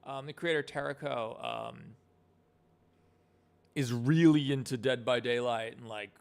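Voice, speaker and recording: A man's voice: medium pitch, measured pace, creaky, clean tone. A young man casually chatting on a live stream about animation, rambling with lots of fillers.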